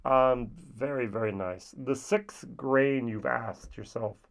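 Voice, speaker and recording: A man's voice: medium pitch, slow, gravelly, a little hiss or hum. Chatty European man reviewing whiskey. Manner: chatty, with playful asides. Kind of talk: casual spoken review.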